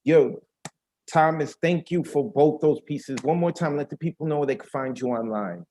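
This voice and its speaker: A man hosting an online open mic over a video call, chatting in an energetic, slangy way. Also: a little high, moderate pace, slight background noise. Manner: energetic, slangy, talks to the audience directly. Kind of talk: casual hosting banter.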